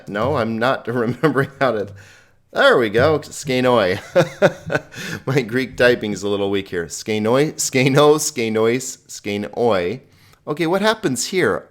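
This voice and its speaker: A man teaching a recorded Greek grammar lesson in a patient, chatty way, slowly spelling out Greek words and laughing at his own typing slips. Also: lowish voice. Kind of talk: recorded screen lecture.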